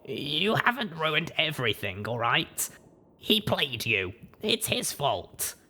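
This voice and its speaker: A man's voice: on the high side, very animated, slow pace, bright, forceful tone, slightly rough, voice pushed up, heavily acted. Audiobook role: male reader raising his voice for a battered young mare, breathless and blunt. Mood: wry comfort. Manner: blunt, profane, wry. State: exhausted and breathless. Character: tough battered young female pony mare. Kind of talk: audiobook reading.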